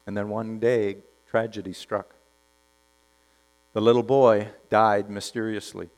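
A man preaching a sermon, telling a story with lively delivery and dropping to quiet emphasis. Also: lowish voice, measured pace. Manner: animated storytelling, acts out characters, drops to quiet emphasis.

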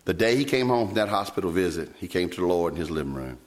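Man preaching in animated storytelling. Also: fast talker. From Virginia, US. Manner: animated storytelling, sudden leaps in pitch when quoting himself. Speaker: pastor. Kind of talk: sermon.

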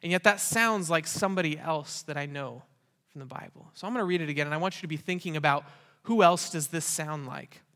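Bright-voiced preacher in a reverberant hall. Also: male voice, on the high side, fairly quick. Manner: earnest, conversational preaching with rhetorical questions. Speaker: pastor. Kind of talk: sermon. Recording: long reverb of a large hall.

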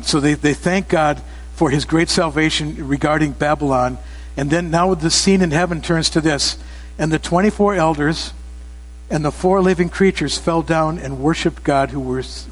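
A pastor with a high voice delivers a sermon in a church sanctuary, speaking emphatically and building to loud exclamations. The recording carries the long reverb of an echoing church hall.

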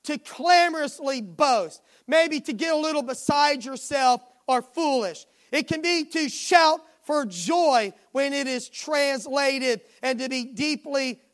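A woman preacher delivers a sermon in a high voice, taking her time over each phrase. She is emphatic and circles back to repeated refrains. The setting is a midweek church service. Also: slow pace, few pauses.

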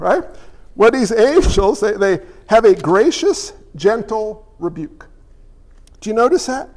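A man preaching a sermon as pastor, animated and acting out little voices along the way. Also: extremely high pitch, measured pace, big-room sound.

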